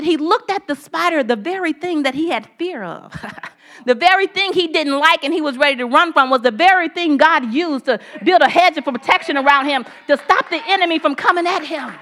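High-voiced woman preaching a sermon. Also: fairly bright tone. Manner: conversational storytelling with repeated phrases.

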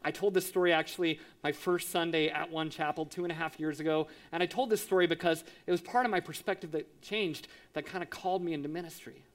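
A man in his thirties, a pastor, telling a lively personal story in a sermon, acting out voices and sound effects. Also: on the high side, quick pace, few pauses. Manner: animated, acts out quotes with sound effects.

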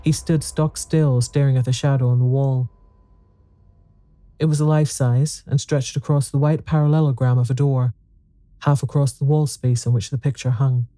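A narrator reading a ghost story aloud in a measured storytelling manner. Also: mid-range voice, fairly even intonation, dark tone, no room sound.

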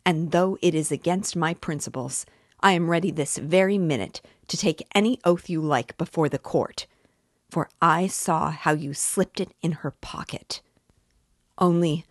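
A man's voice: a little high, a little slow, dry recording, studio quality. A woman reading aloud as an angry, short-sighted young man who insists hotly and repeats himself. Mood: indignant, heated.

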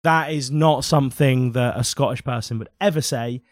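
British guy on a podcast, fired up and opinionated, swears a lot, mid pitch, dry close mic. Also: normal speed, dry recording. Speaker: podcast co-host. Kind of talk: casual podcast chat.

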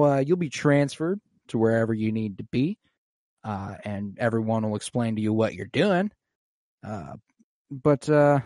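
Man quoting a smug guard, fake-nice, a touch higher than his own voice. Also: darkish tone, no room sound, clean studio sound, lightly acted. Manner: mock-friendly, sarcastic.

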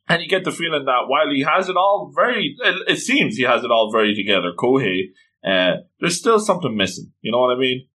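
A man's voice: medium pitch, sharp tone, rough recording. A man casually recapping an anime episode with enthusiastic, gushing commentary. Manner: enthusiastic, gushing, acts out quotes.

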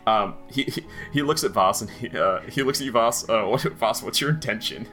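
A man's voice: mid-range voice, fairly quick, music in the background. A man running a tabletop game as game master, talking loosely with lots of fillers. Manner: loose, chatty, full of fillers.

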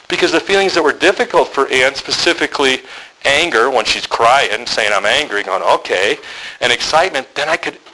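A man's voice: a little high, bright, forceful tone, poor audio. A man speaking to a group of men in a sermon, a candid, joking storyteller who acts out the people he quotes. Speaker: men's ministry speaker.

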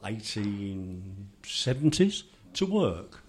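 An older man with a London accent, talking in a relaxed group chat and telling rambling, joking anecdotes. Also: lowish voice, very slow. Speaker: discussion participant. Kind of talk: casual group conversation.

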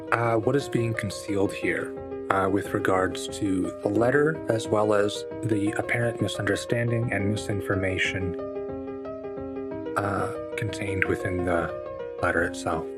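A man's voice: fairly low pitch, steady tone, a little slow, long pauses, loud music behind the voice. A man playing a tabletop role-playing game, hesitant and thinking aloud with many fillers. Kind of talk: casual actual-play chat.

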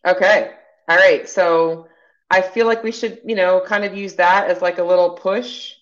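A low-pitched woman talks in relaxed, encouraging chat, full of fillers and asides as she coaches her co-host. The sound is a little dull and lo-fi. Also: normal speed. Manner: chatty, encouraging, many fillers. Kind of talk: casual chat.

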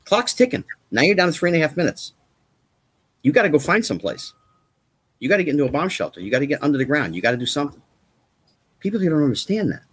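Guest, man, husky voice, lively delivery, emphatic and repetitive. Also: fairly high pitch, quick pace, pauses often. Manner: emphatic, repetitive, rhetorical questions. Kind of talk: casual chat.

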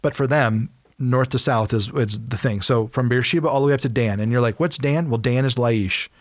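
A man hosting a casual podcast, retelling a Bible story in an animated way and acting out its characters in quick casual voices. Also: medium pitch, no room sound, studio quality.

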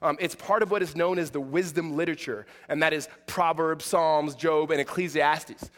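High-voiced preacher in a reverberant hall. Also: male voice, steady tone, moderate pace, fairly bright tone, faint music behind. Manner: conversational and self-deprecating, building to emphatic passages. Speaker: pastor. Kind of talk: sermon.

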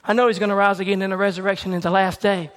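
Man, sermon, very high voice, bright tone, rhythmic repetition, shouts dropping to near-whispers. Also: flat delivery, very fast. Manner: repetitive, building cadence. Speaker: preacher.

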